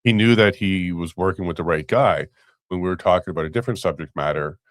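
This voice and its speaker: A man with a very deep voice, chatting loosely as a co-host and chuckling often. The sound is close and dry, with no room around it. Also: fast talker, dry recording. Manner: relaxed, chuckling, rambling. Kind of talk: casual chat.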